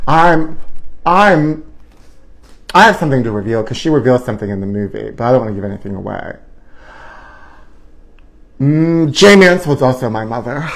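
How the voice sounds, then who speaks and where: A man's voice: mid-range voice, animated, moderate pace, vocal fry, pauses often. A man hosting a live comedy show in a campy, flamboyant way, drawing out words and breaking into sudden squeals.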